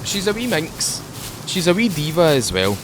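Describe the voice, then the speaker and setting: A man at home talking into a desk microphone, giving a relaxed, rambling commentary while playing a game. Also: a little high, normal speed, background noise. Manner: rambling, chatty, drifts off topic; mellow, laid-back morning mood. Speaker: gaming channel host. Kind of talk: casual let's-play commentary.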